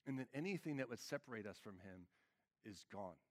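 A man's voice: fairly low pitch, lively intonation, brisk. A man preaching a conversational sermon as lead pastor, casual and earnest, peppering his talk with fillers.

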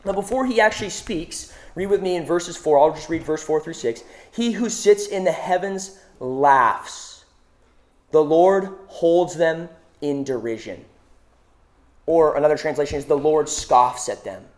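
A man's voice: a little high, unhurried. Casual young male preacher. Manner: casual, filler-heavy, rhetorical questions. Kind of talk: conversational sermon.

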